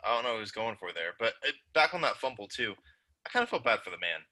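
A young man co-hosting a sports podcast, relaxed and wry as he runs through the games. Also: lowish voice, quick pace, rough recording. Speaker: podcast co-host. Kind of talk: casual sports chat.

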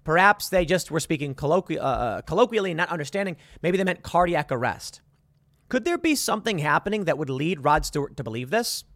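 A man's voice: on the high side, animated, fairly quick, fairly bright tone, no echo, clean studio sound. A man in his thirties hosting a commentary show, talking in a sarcastic, exasperated, rambling way with frequent restarts. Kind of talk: opinion commentary monologue.

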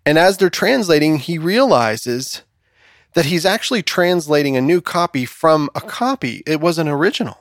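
Upbeat male podcast host, slightly high voice, dry close sound, storyteller. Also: expressive, moderate pace, dry recording. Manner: upbeat, storytelling with acted quotes. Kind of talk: casual chat and joke telling.

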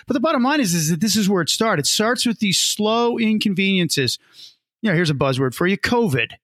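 A man's voice: sits high, sing-song, fairly quick, a bit bright, dry recording, studio quality. A man from the United States co-hosting a casual podcast chat, jokey and fond of putting on mock voices. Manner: jokey, puts on mock accents. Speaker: podcast co-host.

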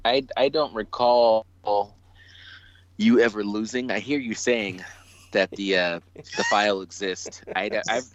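A man's voice: on the low side, a little slow, highs cut off. A man speaking as a podcast guest, hesitant and restarting his sentences often. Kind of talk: casual podcast chat.

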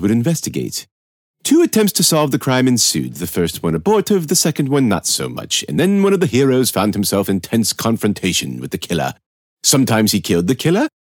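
A man narrates a first-person story in a pompous, florid way. His fussy pitch leaps and dips all over the place. The sound is dry and close, with no room echo.

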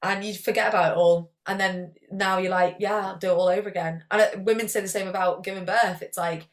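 A woman's voice: medium pitch, steady tone, fast talker. A young woman, chatting as a guest athlete in a casual interview, rambling and peppering her talk with "like".

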